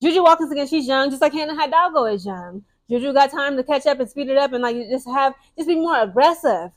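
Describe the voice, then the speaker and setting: Brief: young woman, high voice, casual emphatic sports vlog talk, fast and chatty with restarts. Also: lively intonation. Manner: emphatic, keeps tagging lines with "okay?" and "guys". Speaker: sports commentary vlogger. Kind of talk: casual opinionated sports commentary.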